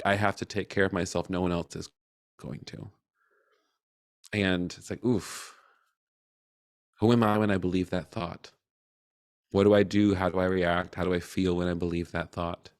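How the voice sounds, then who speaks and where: A man candidly reflecting on his feelings in a personal talk, open and emotional, with casual swearing and halting restarts. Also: deep voice. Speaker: cohort facilitator.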